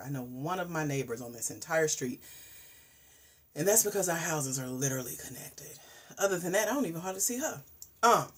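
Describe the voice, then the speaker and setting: Husky-voiced woman chatting live. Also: sits low. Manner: chatty and animated, swinging from hushed asides to loud exclamations. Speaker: host. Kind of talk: casual livestream chat.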